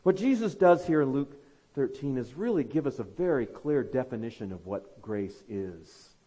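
A man preaching a sermon as pastor, fervently urging his listeners, then dropping to quiet, low asides. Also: lively intonation, normal speed, slightly rough.

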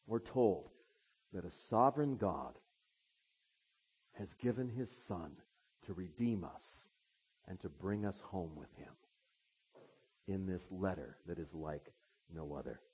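A pastor delivering an impassioned sermon, his voice swinging between soft and loud. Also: deep voice, takes it slowly, long pauses, slightly rough.

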